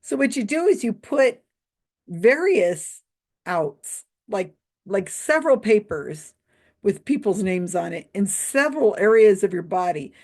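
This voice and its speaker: A woman's voice: mid-range voice, very animated, measured pace, a little mellow. A woman who works in mentalism, giving a casual commentary monologue, amused and laughing often as she retells what she saw. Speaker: YouTube commentator.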